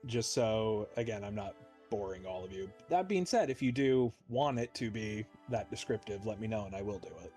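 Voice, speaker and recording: A man's voice: fairly low pitch, lively intonation, normal speed, warm tone, soft background music. A man narrating as game master of a tabletop game in a casual, chatty way.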